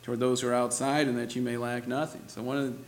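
A man's voice: mid-range voice, level tone, quick pace. A man preaching a sermon in a church, talking conversationally and laughing often, with lots of "you know" and "right?". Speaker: pastor.

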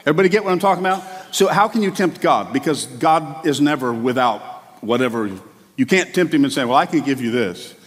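Pastor guy preaching, gets fired up then drops quiet, kinda high voice, long echo hall. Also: expressive, fairly quick. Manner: impassioned, swings from quiet to loud. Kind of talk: sermon.

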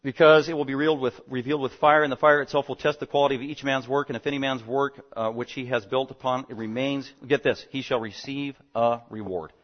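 A man preaching an expository sermon, animated and fast-talking, swinging between loud emphasis and quiet asides. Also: medium pitch. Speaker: pastor. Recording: dull lo-fi sound.

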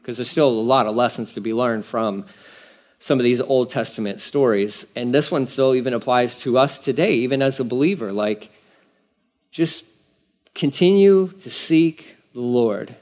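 A man's voice: medium pitch, moderate pace, a little mellow. A man pastor preaching a conversational sermon, repeating phrases for emphasis.

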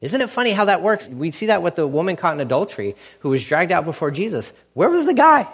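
A man preaching a sermon in an animated way, acting out the characters with sarcasm. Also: sits high, fast, slightly rough, big-room sound.

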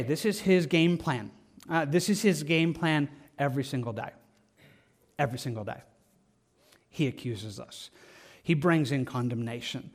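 A middle-aged man preaching a sermon as a pastor, earnest and conversational, often repeating himself. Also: a little high.

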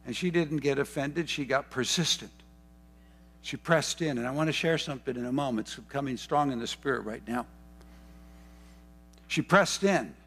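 A man's voice: medium pitch, fast talker, hardly any pauses, fairly bright tone, slightly rough. A man preaching a sermon, fervent and repeating key phrases for emphasis, with rambling asides and self-corrections. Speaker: pastor.

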